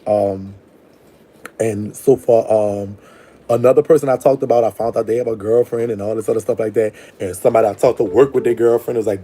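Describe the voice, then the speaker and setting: A man's voice: fairly low pitch, steady tone, brisk, warm tone, slight background noise. A man hosting a live call-in show, rambling and blunt, affectionate with callers. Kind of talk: casual live call-in chat.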